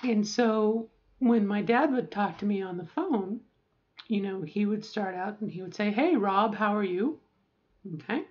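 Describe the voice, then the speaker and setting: A woman's voice: mid-range voice, normal speed, muffled recording. A middle-aged woman talking casually to camera, rambling with asides and often checking in with "okay?". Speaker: vlogger.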